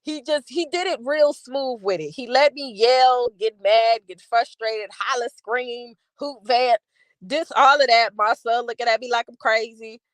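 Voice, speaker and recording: A woman's voice: fairly high pitch, measured pace, no room sound. Chatty woman with a dry, close sound. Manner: chatty, animated, talks straight to viewers. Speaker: channel host. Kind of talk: casual commentary to a live chat.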